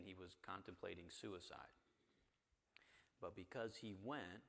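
A man's voice: low voice, a bit bright, in a large hall. A man leading an interactive Bible class, talking conversationally and asking the group questions. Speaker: church teacher. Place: church hall with a group.

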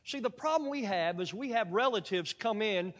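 A man delivers a sermon with a higher-than-usual voice, full of folksy asides and jokes to his congregation. His voice carries a long church reverb from the sanctuary around him. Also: animated, normal speed, a bit bright. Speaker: preacher. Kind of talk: sermon with storytelling.

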